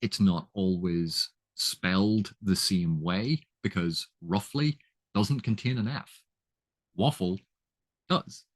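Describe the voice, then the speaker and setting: A man's voice: sits low, slow. A man giving a chatty, casual lesson on literary terms, laughing at his own examples and often restarting his sentences. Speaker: literature educator.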